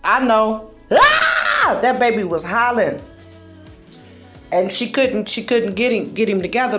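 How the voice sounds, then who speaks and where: A woman, hosting a casual commentary monologue, blunt and profane, acting out quotes as she tells stories. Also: on the high side. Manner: blunt, profane, animated storytelling with acted-out quotes. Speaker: commentary host.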